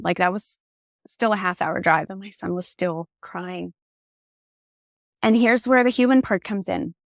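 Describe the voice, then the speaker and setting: A woman in her forties, a podcast guest, telling a personal story in an expressive, candid way. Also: medium pitch, no room sound, studio quality. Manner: candid and reflective.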